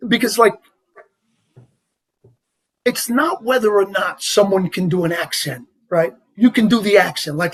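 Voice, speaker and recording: Guest, male, heavy New York accent, raised husky voice, animated and rambling, casual interview. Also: sits high, measured pace, pauses often. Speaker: actor guest.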